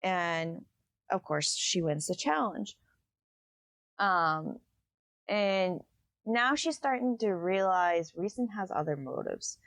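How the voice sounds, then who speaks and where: A woman's voice: fairly low pitch, animated, slow pace, pauses often, fairly bright tone, dry recording. A woman hosting a book podcast, recapping a story in a loose, chatty way with many fillers.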